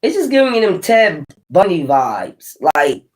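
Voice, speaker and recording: A man giving a casual tarot reading, blunt and profane, with animated swings in delivery. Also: high-pitched, unhurried. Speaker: tarot reader.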